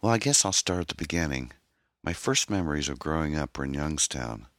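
A man voicing a troubled young woman, an orphan who talks in a hesitant, halting, pained way. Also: a bass voice, expressive, fairly bright tone, dry recording, clean studio sound. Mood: guarded, pained.

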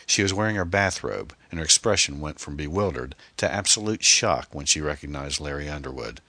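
Very deep-voiced male audiobook narrator. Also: expressive, a little fast, bright, forceful tone, no room sound.

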